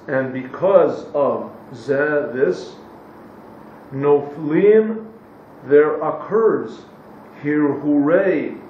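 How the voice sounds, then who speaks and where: A man teaching a class, translating a text phrase by phrase into English and pausing often to search for the right word. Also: a little high, a little hiss or hum. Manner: pauses to search for English words. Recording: echoey, distant, dull lo-fi room recording.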